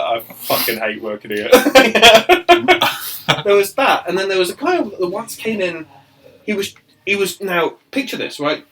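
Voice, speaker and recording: Man, podcast co-host, fairly high voice, animated and sweary. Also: moderate pace, rough recording. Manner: animated, sweary, laughs often. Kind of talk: casual storytelling chat.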